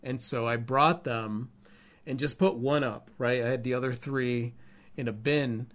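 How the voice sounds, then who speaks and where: Candid, animated male podcast co-host. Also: mid-range voice, a little slow. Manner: candid, animated storytelling with swearing. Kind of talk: casual podcast chat.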